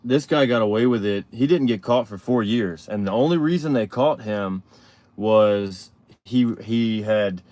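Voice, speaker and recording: A man hosting a live show, telling a personal story in a rambling, halting way full of fillers and restarts. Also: fairly low pitch, mellow, dry recording. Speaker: show host. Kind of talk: casual storytelling on a live stream.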